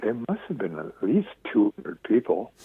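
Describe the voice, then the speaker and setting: A man in his seventies, a radio interview guest, telling stories with lively acted-out quotes. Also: fairly low pitch, moderate pace, breathy edge. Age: 70s. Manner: lively storyteller acting out quoted voices. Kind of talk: phone-in radio interview storytelling. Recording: tinny dry phone line.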